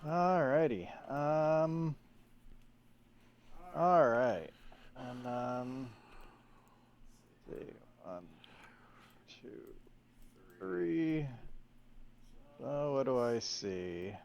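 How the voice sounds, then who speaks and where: A man's voice: medium pitch, animated, drawn-out words, gravelly, pauses often, lo-fi sound. A man playing a tabletop game, talking casually and thinking aloud. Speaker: player.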